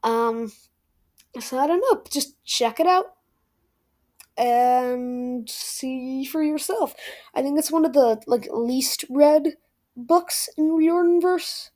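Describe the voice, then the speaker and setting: A woman's voice: high voice, slow pace, darkish tone. A woman giving a casual book review, hesitant and self-deprecating, with many ums.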